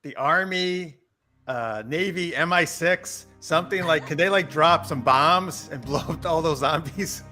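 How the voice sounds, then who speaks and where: A man's voice: a little high, unhurried, sharp tone, faint music behind. A man joining a tabletop game as player and co-host, talking in casual, teasing banter. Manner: playful, teasing.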